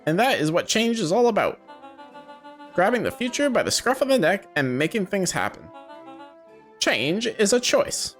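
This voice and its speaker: Man reads a folksy speechifying businessman, lively swooping delivery, soft game music underneath. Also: high voice, normal speed, pauses often, pitched above the performer's own voice. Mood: grandiose. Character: showy small-town businessman giving a festival speech.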